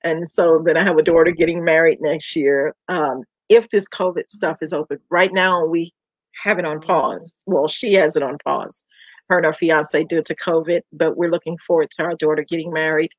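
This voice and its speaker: A middle-aged woman from Georgia with a Southern accent, hosting her food page in a warm, chatty welcome talk that repeats words for emphasis. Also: low-pitched, steady tone, normal speed, no room sound, dull audio. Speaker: home cook and food page host. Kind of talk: casual heartfelt welcome chat.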